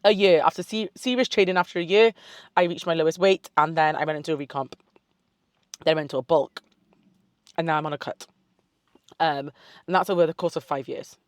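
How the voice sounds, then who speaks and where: A woman's voice: low voice, fairly even intonation, fairly quick, pauses often, no echo. A young woman in a casual Q&A chat to camera, a fitness coach who swears freely, drifts off on tangents and gives upbeat self-love pep talk. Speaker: fitness model and online coach.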